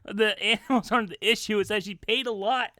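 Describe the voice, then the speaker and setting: A woman's voice: medium pitch, fairly even intonation, brisk, pushed and bright, no room sound. A woman co-hosting a comedy podcast, chatting and giggling often. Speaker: podcast co-host. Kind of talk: improvised comedy chat.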